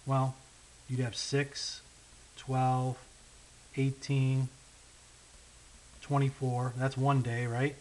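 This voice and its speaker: A man delivers a recorded math lesson, patiently walking through word problems, thinking aloud while writing and slowing at key numbers. He checks in constantly with "okay?" and "right?" His medium-pitched voice is monotone, and the poor audio has a faint hiss.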